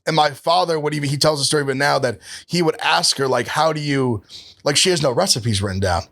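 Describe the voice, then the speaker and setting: A man's voice: a little high, fast, vocal fry, a bit bright. A young man chatting casually as a podcast guest, rambling with many fillers and restarts. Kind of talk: casual food chat.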